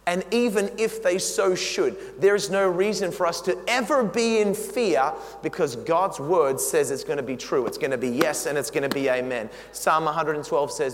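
A man preaching a sermon, emphatic and animated, talking straight to the congregation. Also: on the high side, moderate pace, hardly any pauses. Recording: long reverb in a big hall.

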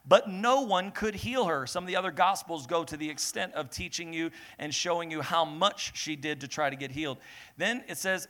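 A man preaching a sermon, reading scripture aloud with commentary and calling on the congregation to respond. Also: a little high. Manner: energetic, builds to emphatic peaks, calls on the congregation to respond. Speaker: pastor. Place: church service with congregation.

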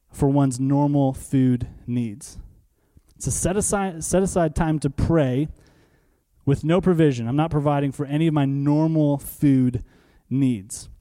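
A male preacher gives a sermon in a church. His voice sits a little high yet sounds warm and mellow, with nothing sharp in it. He talks with the congregation, asking questions and answering them himself, and repeats key phrases to drive them home. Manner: conversational, asks the room questions and answers them.

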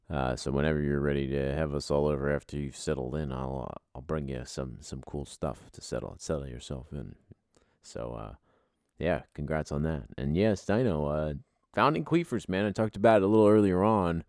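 A man with a very deep, gravelly voice chats loosely, swearing casually and drifting through his thoughts with fillers. He sounds close and dry, with no room around him. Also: no echo. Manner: laid-back, profane, rambling with fillers. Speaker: podcast host, league commissioner. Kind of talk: casual podcast sign-off.

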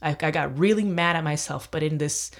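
A stand-up comedian talks alone on a podcast in a loose, rambling way, with plenty of swearing and many restarts mid-sentence. The voice sits at a middle pitch, neither high nor low. The tone is emphatic and self-mocking. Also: fairly quick. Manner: profane, rambling, with frequent restarts. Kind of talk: casual rambling podcast monologue.

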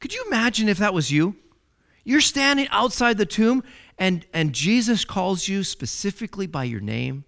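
A man preaching a sermon, with dramatic swings from loud declarations to hushed words and key phrases repeated for emphasis. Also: sits high, very animated, normal speed, vocal fry.

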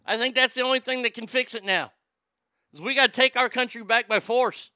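Man, heated sarcastic rant, swears a lot, trips over words, bright edgy tone, dry close sound. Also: very high voice, fairly quick, clear, resonant tone, no echo. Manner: stammers and restarts when worked up. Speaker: live show host. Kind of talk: ranting political commentary.

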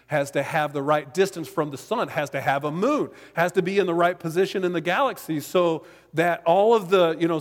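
A man preaching a sermon in a church sanctuary, talking conversationally with jokes and asides. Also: a little high. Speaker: pastor. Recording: long reverb of a large hall.

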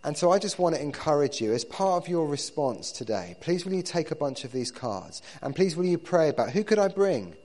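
A man preaching to his church in a relaxed, conversational way, often repeating words as he builds his points. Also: on the high side, a little fast, few pauses. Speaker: pastor. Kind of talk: sermon.

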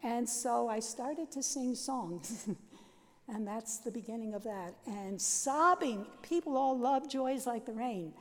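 An older woman, a Catholic nun, telling her life story in a lively, laughing way and acting out the sounds and voices in it. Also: on the high side, slow pace, long reverb tail. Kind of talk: animated personal storytelling.

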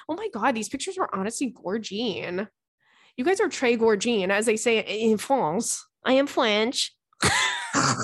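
A woman's voice: on the high side, no room sound, clean studio sound. A young woman hosting a podcast in casual chat, reading out listener stories with giggly, playful asides. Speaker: podcast host.

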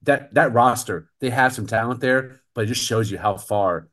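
A man co-hosting a casual postgame basketball chat, opinionated and animated, laughing often. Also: mid-range voice, normal speed. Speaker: co-host of a postgame show.

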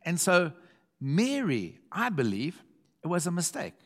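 Man, pastor, animated sermon, reads scripture aloud, jokes with the church, fairly high voice. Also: unhurried.

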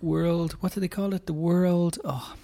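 A man's voice: high voice, steady tone, a little slow, mellow. A man co-hosting a casual chat, rambling and searching for words, teasing his partner. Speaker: podcast co-host.

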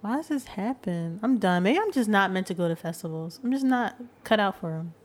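A young woman in her twenties co-hosts a casual podcast chat. She talks in a relaxed, easygoing way and laughs readily. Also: mid-range voice, fairly quick. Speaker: podcast co-host.

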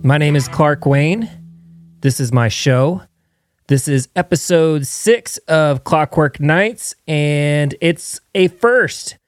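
A man's voice: on the high side, slow pace, no room sound. A young man hosting his podcast from home, chatting casually and rambling with self-mocking jokes while streaming live. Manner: rambling and jokey, laughs at himself. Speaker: podcast host. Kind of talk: casual chat.

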